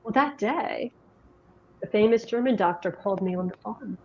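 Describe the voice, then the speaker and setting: A woman's voice: medium pitch, no echo. A middle-aged woman from New Jersey, telling her story as an interview guest in a chatty, rambling way. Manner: chatty, rambling, quick with many restarts. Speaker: guest, health education director. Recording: dull lo-fi sound.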